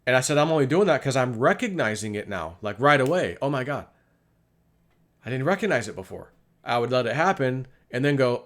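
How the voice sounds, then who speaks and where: Middle-aged male vlogger, loose confessional monologue, mid pitch, acts out dialogue. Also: very animated, fairly quick, a bit bright. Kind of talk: casual personal monologue.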